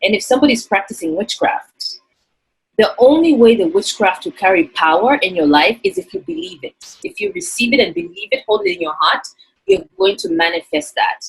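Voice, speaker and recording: A woman's voice: on the high side, very animated, fairly quick, gravelly, slightly rough, poor audio. A woman from Zambia, earnestly and reflectively telling a personal story in an interview. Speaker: interview guest.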